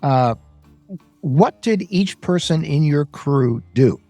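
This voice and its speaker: A man hosting a podcast who asks questions in a curious, measured way. His pitch moves a lot as he talks. Faint music plays behind him. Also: lively intonation, dark tone, no echo. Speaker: podcast host. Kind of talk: interview questions.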